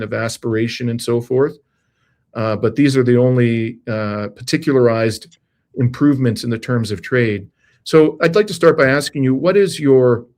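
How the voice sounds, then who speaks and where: A man hosting an interview over a video call, speaking in a measured way with frequent "uh" fillers. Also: medium pitch, a little mellow. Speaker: interview host. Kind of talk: scripted intro then interview questions.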